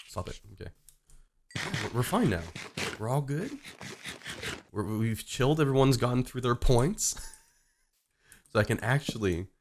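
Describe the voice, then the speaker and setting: A young man doing live gameplay commentary, excitable and foul-mouthed, yelping and laughing at every surprise. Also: fairly low pitch, gravelly, noisy background. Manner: excitable, swears a lot, yelps and laughs at surprises. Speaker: game streamer.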